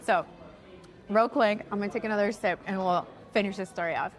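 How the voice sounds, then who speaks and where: A woman in her thirties tells a travel mishap story straight to camera in a relaxed, chatty way. She is animated and lively, and she acts out what other people said along the way. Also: medium pitch, brisk, soft background music. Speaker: travel vlogger.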